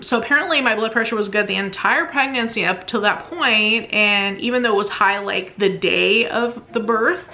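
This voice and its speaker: Bright-voiced woman telling a story, laughing. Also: on the high side. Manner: chatty, laughs often, acts out her own past lines. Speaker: vlogger. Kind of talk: casual storytelling to camera.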